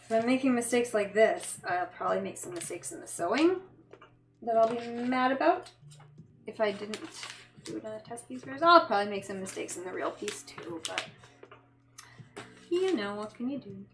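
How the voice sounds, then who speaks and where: A woman's voice: a little high, lively intonation, moderate pace. A woman chatting casually on a livestream while she works, rambling and swearing when frustrated. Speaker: fashion designer. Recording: echoey room with background noise.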